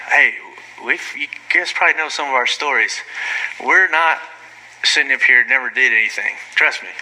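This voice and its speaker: Bright-voiced rambling man preaching. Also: on the high side, poor audio. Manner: rambling, self-deprecating, frequent asides and apologies; animated, voice jumping up when excited. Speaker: lay preacher. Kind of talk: informal sermon.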